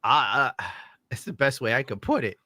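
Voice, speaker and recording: Bright, sarcastic male streamer. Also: medium pitch, expressive, normal speed, no room sound, clean studio sound. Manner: sarcastic and mocking, reads out donations. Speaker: streamer host. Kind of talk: casual stream commentary.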